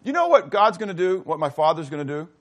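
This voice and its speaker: A man with a slightly high voice preaches a sermon in a relaxed, conversational manner. He keeps asking his listeners questions and acts out small bits of dialogue. His voice often sinks low and soft in those moments. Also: fast talker. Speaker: pastor.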